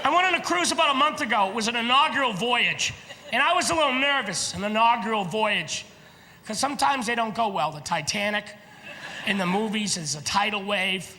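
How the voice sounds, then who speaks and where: A man performing a stand-up comedy routine on stage, animated and often shouting his punchlines. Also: sits high, fairly quick, big-room sound, a little hiss or hum. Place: large theater stage. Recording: live theater with audience laughter.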